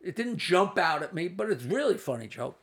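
A man's voice: sits high, sing-song, a little fast, fairly bright tone. A man in his sixties, a comedian, telling rambling anecdotes with asides and restarts in a casual interview. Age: 60s. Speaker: comedian guest.

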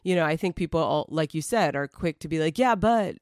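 A woman's voice: low voice, fairly even intonation, fast, darkish tone, no echo, clean studio sound. A woman co-hosting a podcast, speaking candidly and emotionally in casual conversation, pushing back at times. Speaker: podcast co-host.

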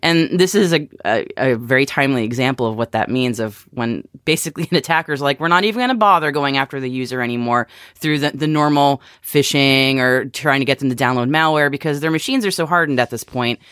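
An American woman co-hosting a casual tech chat, animated and hedging, restarting her sentences. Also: extremely low pitch, a little fast, no echo, clean studio sound. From United States. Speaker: podcast co-host.

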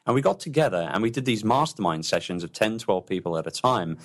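Low-voiced chatty man. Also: fast. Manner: chatty, enthusiastic, repeats words when starting sentences. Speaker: podcast guest, entrepreneur. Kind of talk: casual interview talk.

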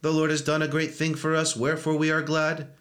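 A man intones psalms and liturgical chant in a church service. His voice sits fairly high for a man and stays almost completely flat in pitch, with the steady rhythm of liturgical recitation. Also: fairly quick.

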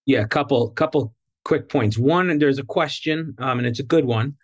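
A man's voice: medium pitch, slightly rough. A male guest, a coaching company executive, explaining financial terms in a methodical way. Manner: measured, methodical, some fillers. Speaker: dental practice coaching CEO, guest. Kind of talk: explanatory interview answer.

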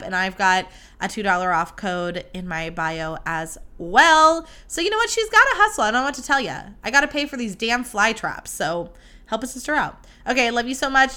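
Bright, animated young woman podcast host. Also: mid-range voice. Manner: animated, gushing, dramatic, talks to listeners directly. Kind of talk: solo casual podcast chat.

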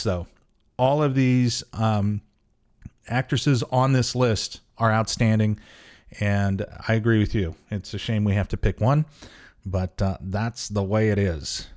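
A man co-hosting an awards-prediction chat, easygoing and pausing often with "uh" and "um". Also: mid-range voice, darkish tone. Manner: easygoing, fills pauses with "uh" and "um". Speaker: podcast co-host. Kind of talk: casual chat.

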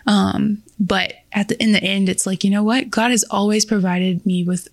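A woman's voice: mid-range voice, fairly even intonation, moderate pace, creaky, no echo, studio quality. A woman co-hosting a podcast, speaking in an earnest, reflective way. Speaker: podcast co-host. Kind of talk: casual chat.

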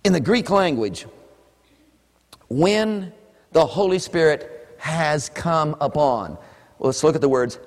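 A man preaching a sermon with animation. He swings between hushed asides and shouts, and he playfully acts out imagined listeners. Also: on the high side, expressive, slow pace, long pauses, big-room sound.

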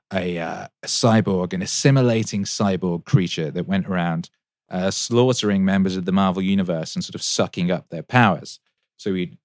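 A man's voice: sits low, dry recording, clean studio sound. A man in his thirties hosting a casual livestream Q&A, rambling and profane with many fillers and an enthusiastic tone. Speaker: musician and show host answering chat.

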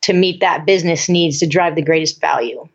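A woman's voice: low voice, fairly quick, gravelly, dull audio. A woman guest chatting in a bubbly way on a podcast and laughing at herself. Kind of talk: casual interview chat.

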